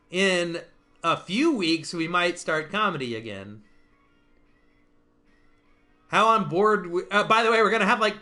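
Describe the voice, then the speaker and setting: Man, casual chat host, bright voice, rambling, many restarts. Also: fairly high pitch. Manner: rambling, restarts, laughs often. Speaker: stream host.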